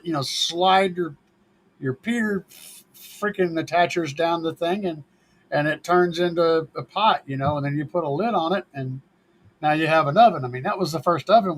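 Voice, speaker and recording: A man with a husky, slightly raised voice hosts a casual car audio livestream. He riffs on viewer questions in a relaxed, jokey way and swears freely. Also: fairly high pitch, moderate pace, rough recording. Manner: laid-back, joking, swears freely. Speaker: car audio show host.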